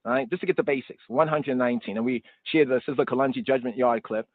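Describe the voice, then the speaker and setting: A man's voice: mid-range voice, fast, no echo. Tinny, digressive male scripture teacher. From United States. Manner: loose and digressive, repeating words and phrases; informal street slang mixed with scripture talk. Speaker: Bible study teacher. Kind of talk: live-streamed scripture teaching. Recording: dry, tinny phone-like line.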